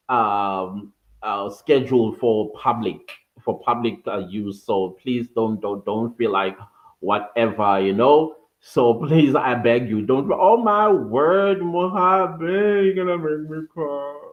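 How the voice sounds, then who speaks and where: A man hosts a casual livestream, talking slowly and at a middling pitch. He laughs often and thanks his viewers one by one. The sound is a bit dull and lo-fi. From South Africa. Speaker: livestream host.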